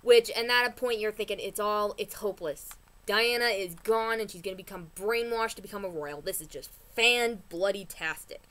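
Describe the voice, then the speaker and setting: A woman vlogger talks through a TV episode in a loose, chatty rant. She keeps jumping back to restart her sentences and is quick to get worked up. Her voice sits at an ordinary middle pitch. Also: a bit bright. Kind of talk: casual TV recap rant.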